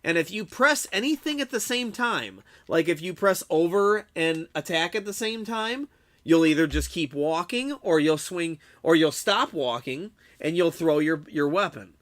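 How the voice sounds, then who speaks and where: A young man streaming, chatting casually with his viewers, excitable, swearing a lot and laughing often. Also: a little high, normal speed. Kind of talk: casual live-stream chat about a game.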